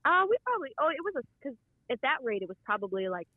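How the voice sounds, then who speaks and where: A woman telling a self-deprecating story in a casual chat, at an unhurried pace. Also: high-pitched, very animated, phone-quality sound, a loud crowd. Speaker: guest.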